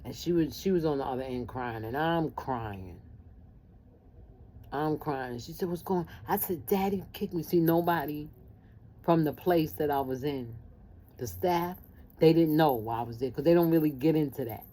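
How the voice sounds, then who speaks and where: Low-voiced woman telling a story. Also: moderate pace. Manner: lively, acts out family members' voices. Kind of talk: casual personal storytelling.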